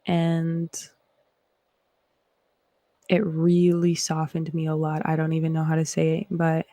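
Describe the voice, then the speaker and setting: Gravelly-voiced Canadian woman, chatty and rambling. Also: low voice, monotone, a little slow, dark tone, no room sound. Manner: rambling, reflective, chatty with viewers. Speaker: live-stream host. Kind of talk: casual live-stream chat and Bible reading.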